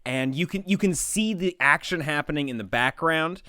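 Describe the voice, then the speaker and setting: Male podcast co-host, casual, lively and quick to laugh, dry recording. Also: on the high side, dry recording. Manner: animated, laughs often. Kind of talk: casual chat.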